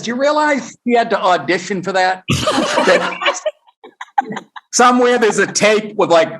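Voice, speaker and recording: A middle-aged comedian telling stories on a podcast, animated and profane, acting out the people he quotes. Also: sits high, moderate pace, background noise. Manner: animated storyteller, swears, acts out quotes. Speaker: guest comedian. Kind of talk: casual podcast chat.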